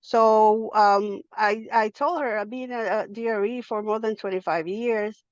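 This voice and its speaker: A woman who directs religious education, calling in while driving, hurried and halting with many restarts. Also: medium pitch, no room sound, dull audio. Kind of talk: casual call-in sharing.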